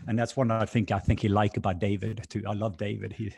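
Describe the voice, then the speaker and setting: A man's voice: on the low side, level tone, quick pace, creaky, darkish tone, slight background noise. A middle-aged man, a podcast guest, earnestly telling personal faith stories in conversation.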